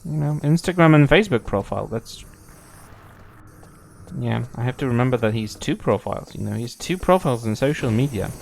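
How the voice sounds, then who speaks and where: A man's voice: mid-range voice, animated, brisk, creaky, slight background noise. A young man streaming a game, chatting casually, playful and swearing freely. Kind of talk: casual gameplay commentary.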